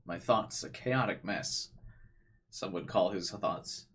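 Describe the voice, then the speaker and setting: A man's voice: low voice, takes it slowly, fairly bright tone, a little hiss or hum. Man reading as a frightened teenage boy. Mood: grim. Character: frightened teenage boy narrating his ordeal.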